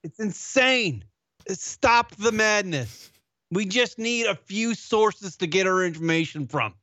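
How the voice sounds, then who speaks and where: A man's voice: high-pitched, slow, no echo. A man co-hosting a call-in internet radio show, ranting and swearing in casual banter. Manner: ranting, swears often, animated. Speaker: podcast co-host.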